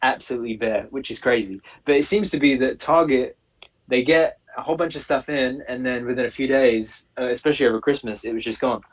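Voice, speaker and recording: A man's voice: medium pitch, fairly quick. Chill guy reading off chat names, sounds far off and kinda muffled. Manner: easygoing, reads names in a steady list. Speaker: co-host reading live chat. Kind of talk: casual live-stream chat. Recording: distant, muffled call audio.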